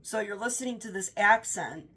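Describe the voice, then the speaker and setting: A woman's voice: medium pitch, normal speed, a bit bright, husky. A woman giving a casual, rambling book review, often stopping to correct herself. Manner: rambling, self-correcting with fillers.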